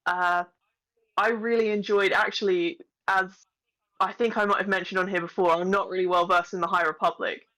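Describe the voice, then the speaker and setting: A woman's voice: medium pitch, steady tone, normal speed, bright, forceful tone, low-quality recording. Woman co-host, giggly, self-deprecating, chatty, mid-range voice. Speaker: podcast co-host. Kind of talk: casual chat.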